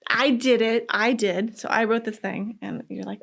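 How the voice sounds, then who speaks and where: A woman guest in a casual interview, telling animated stories, acting out quotes, laughing often. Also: a little high, moderate pace, gravelly.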